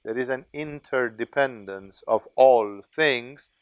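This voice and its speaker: A man's voice: medium pitch, takes it slowly, clear, resonant tone, no echo. A man teaching as a spiritual teacher, lecturing in a discursive, conversational way with frequent tag questions.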